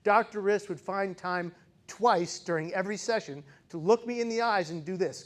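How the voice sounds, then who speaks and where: A man in his forties giving a personal storytelling speech as a keynote speaker, dramatic and shifting between loud intensity and hushed quiet. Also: high voice, normal speed. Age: 40s.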